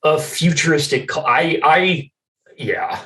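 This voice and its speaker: A man's voice: a little high, sing-song, slow pace, bright, forceful tone, recorded from a distance. A man co-hosting a podcast, chatting casually about games in a laid-back way, laughing easily and swearing offhandedly. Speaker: podcast co-host. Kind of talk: casual gaming chat.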